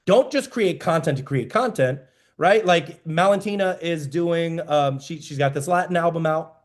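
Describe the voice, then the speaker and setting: A man with a fairly high voice gives an emphatic motivational talk to a business group. He hammers his points home with repetition in a coaching tone. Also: normal speed. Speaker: business mentor.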